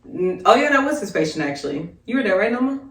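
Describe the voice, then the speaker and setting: A woman co-hosting a podcast tells nursing stories with lots of laughter and the odd curse. Her voice has a middle pitch. She sits some way from the mic in an echoey room. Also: quick pace, far from the mic. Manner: animated storytelling, laughs often, swears. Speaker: nurse, podcast co-host. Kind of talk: casual chat.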